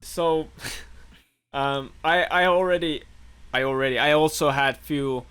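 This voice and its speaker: A man with a bright, forceful voice chats with a friend on a podcast. He is casual and enthusiastic and laughs easily as he talks. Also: on the high side, slow pace, smooth. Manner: chatty, laughs often, enthusiastic. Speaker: podcast co-host. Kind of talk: casual chat.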